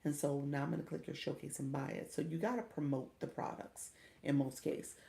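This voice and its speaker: A woman's voice: sits low, steady tone, a little fast, gravelly, mellow. A woman livestream coach chatting casually with her viewers, reading the chat aloud and laughing often.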